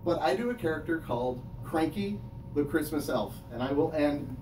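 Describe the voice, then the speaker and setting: A man's voice: fairly high pitch, lively intonation, moderate pace. Man doing crude stand-up, echoey and distant. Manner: crude jokes, frequent filler words and self-laughing. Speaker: stand-up comedian. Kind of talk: stand-up comedy set. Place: small comedy room with audience. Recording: echoey room, mic at a distance, noisy. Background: audience laughter and chatter.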